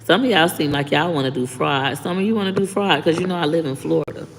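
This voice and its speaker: A woman talks straight to her live-stream viewers, blunt and unfiltered, swearing freely between thank-yous to commenters. Her voice has a gravelly fry, and it rings with a long reverb against a faint background hum. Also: low voice, fast. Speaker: livestreaming content creator. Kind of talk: casual live-stream chat reading comments.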